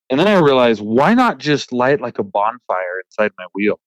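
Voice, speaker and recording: A man who works as a trucker, hosting a podcast and telling an animated, frustrated story in casual chat with a laugh now and then. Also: mid-range voice, moderate pace, few pauses, no echo, poor audio. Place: remote recording.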